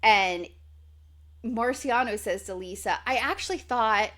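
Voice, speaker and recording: A young woman co-hosting a podcast, chatting casually and acting out quotes in lively voices. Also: a little high, a little slow. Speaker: podcast co-host. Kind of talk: casual chat recapping reality TV.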